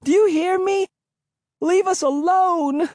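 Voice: extremely high pitch, takes it slowly, a little mellow, dry recording, clean studio sound, voice pushed up. A reader doing a terrified crying girl. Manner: frightened pleading cries. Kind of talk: audiobook character voice.

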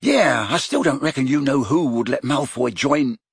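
A man voicing a teenage boy who is easily baffled, with incredulous, sharply rising speech and a husky, dry sound. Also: animated, normal speed, no room sound. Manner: incredulous, jumps high in pitch.

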